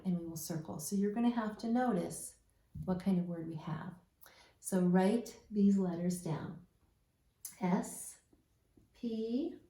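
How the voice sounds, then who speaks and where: Woman, reading teacher; slow, patient phonics delivery, low and warm, echoey room. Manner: patient, spells letters one by one and models sounds. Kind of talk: slow, deliberate phonics lesson.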